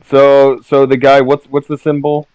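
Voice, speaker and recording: A man's voice: mid-range voice, monotone, unhurried, darkish tone, clean tone, no echo, dull audio. A man playing in a tabletop game, chatting casually and correcting himself. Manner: laughing, self-correcting. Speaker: player.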